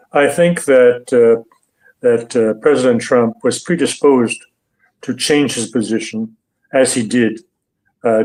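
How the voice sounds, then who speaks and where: An older man as a guest analyst in an interview, speaking deliberately, with frequent hesitations and fillers. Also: mid-range voice, a little mellow, low-quality recording.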